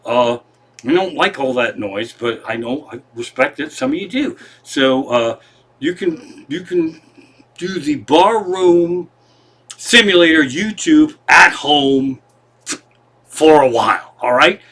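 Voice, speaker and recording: A man's voice: on the high side, expressive, slow pace, a bit bright, husky. A man doing a comedic monologue from his living room, with a meandering, profane, self-deprecating manner. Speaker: comedian host.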